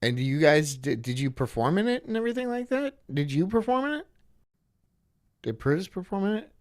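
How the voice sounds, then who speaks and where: Crude, rambling male streamer with lively pitch. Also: normal speed. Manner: laughs often at his own jokes. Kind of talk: casual stream chat, reading chat messages.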